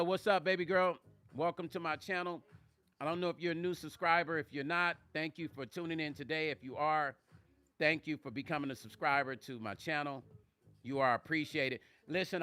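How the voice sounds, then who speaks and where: A man's voice: a little high, bright, forceful tone, clean tone. A man with a New Jersey accent hosting a casual live-stream vlog, chatting with viewers and answering their comments by name.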